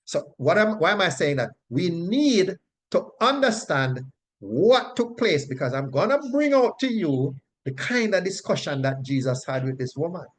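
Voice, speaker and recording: Animated, emphatic male Bible teacher. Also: fairly high pitch, normal speed. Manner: emphatic, repeats points and checks in with "right?"; chuckles often while explaining.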